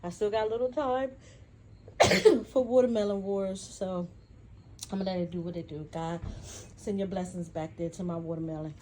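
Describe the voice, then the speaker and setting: Excitable lady showing off her garden, says y'all a lot, faint outdoor noise. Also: medium pitch, moderate pace, pauses often, rough recording. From New Jersey. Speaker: vlogger. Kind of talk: casual garden tour vlog.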